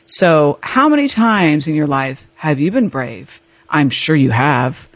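A woman hosting a podcast, telling a personal story in an emotional, animated way, with laughs and restarts. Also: sits low, takes it slowly, no echo. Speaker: podcast host.

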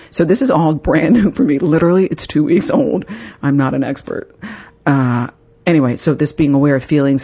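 A woman's voice: deep voice, darkish tone, slightly rough. A woman hosting a podcast, talking frankly and laughing at herself, with the odd swear word. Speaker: podcast host. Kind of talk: candid conversational podcast talk.

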